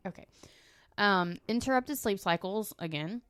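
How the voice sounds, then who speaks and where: A woman's voice: medium pitch, moderate pace, clean tone, dry recording. Woman, podcast co-host, casual chat, blunt, reads facts aloud, dry close sound. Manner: blunt, swears, reads facts then riffs on them.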